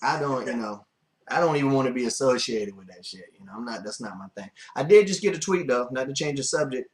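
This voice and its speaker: A man's voice: mid-range voice, lively intonation, quick pace. A man hosting a podcast in casual chat, laid-back and teasing. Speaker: podcast host, wrestler.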